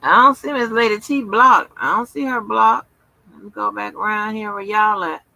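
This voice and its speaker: A woman's voice: medium pitch, normal speed, gravelly, pushed and bright, no echo, poor audio. A tired woman hosting a livestream, chatting loosely with viewers, swearing freely and talking through lots of fillers. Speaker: livestream host. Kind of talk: casual livestream chat with viewers.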